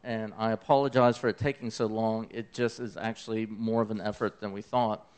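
A man's voice: on the low side, fairly even intonation, a little fast, a little mellow. A man from Memphis with a Southern accent, giving an enthusiastic conversational talk about a science project. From Memphis, Tennessee. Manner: enthusiastic, conversational, with fillers and asides. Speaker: presenter of an eclipse accessibility project. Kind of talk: conference talk.

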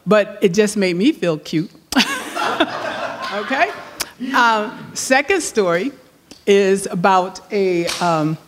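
A middle-aged woman retells a personal story at an unhurried, slow pace. She rambles with fillers and laughs often. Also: medium pitch, animated, noisy background. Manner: laughs often while telling. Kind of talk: personal anecdote.

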